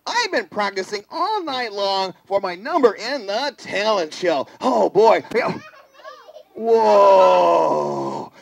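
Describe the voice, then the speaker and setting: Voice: mid-range voice, creaky, heavily acted. A puppeteer voicing an eager, show-off hare who urges the audience to cheer his dance in a live puppet show. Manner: excited, coaxing the audience to cheer. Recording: noisy live room with children's crowd.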